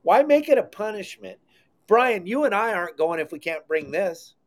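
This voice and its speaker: A man's voice: high-pitched, sing-song, normal speed. Enthusiastic middle-aged man hosting a podcast. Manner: enthusiastic, emphatic storyteller. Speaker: podcast host. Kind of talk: casual podcast chat.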